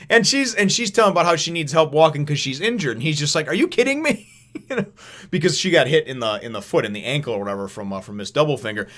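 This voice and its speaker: A man in his thirties hosts a casual review chat from home for a comic review channel, enthusiastic and rambling, restarting sentences and acting out quotes. His voice is a little high, fast and fairly bright, with lively intonation.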